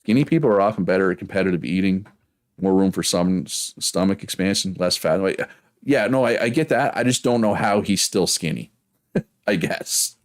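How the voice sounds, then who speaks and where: A man with a Prince Edward Island accent rambles casually through a game stream, reading chat as he goes. His voice sits low and deep. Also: moderate pace. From Prince Edward Island, Canada. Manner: rambling, chatty, reads chat aloud.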